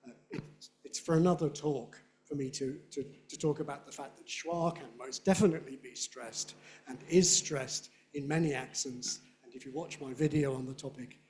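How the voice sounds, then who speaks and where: A middle-aged man with a Southern British accent giving a playful, animated lecture on phonetics and demonstrating sounds aloud. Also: medium pitch, normal speed. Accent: Southern British English. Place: lecture hall.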